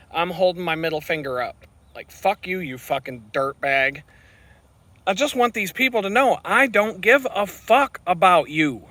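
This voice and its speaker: A man venting as he rides his bike outdoors, cursing freely and circling back on his own points. His voice is forceful and bright, sitting a touch high for a man. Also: no room sound. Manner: profane, ranting. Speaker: vlogger. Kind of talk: rambling vlog while riding. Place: outdoors on a bicycle on the road.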